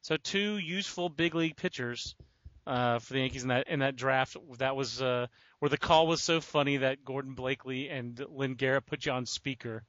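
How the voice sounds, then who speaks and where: A man hosting a podcast, talking in a relaxed, casual way with many fillers. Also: medium pitch, normal speed, dry recording, highs cut off. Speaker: podcast host.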